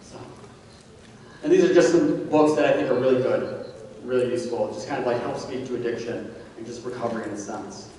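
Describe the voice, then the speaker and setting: A man's voice: mid-range voice, a little fast, dark tone. A man giving a casual talk to parents as a therapist, speaking conversationally with lots of fillers. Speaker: addiction therapist presenting. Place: large echoey hall. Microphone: distant from the recorder. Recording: echoey hall from far off, faint background hum.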